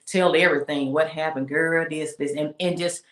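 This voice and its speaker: A woman with a low voice gives a casual, faith-based talk in a roomy, echoing space. She preaches her points with emphasis, circles back to repeat them, and slows right down to drive them home. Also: steady tone, a little hiss or hum. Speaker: speaker and women's mentor on a talk show. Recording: roomy echo.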